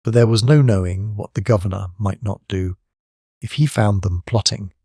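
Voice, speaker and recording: A man reads a classic tale aloud as an audiobook narrator, in a steady, measured way. His voice is low and sits close to the mic. The sound is dry, with no room around it. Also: no echo. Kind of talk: scripted narration of a classic story.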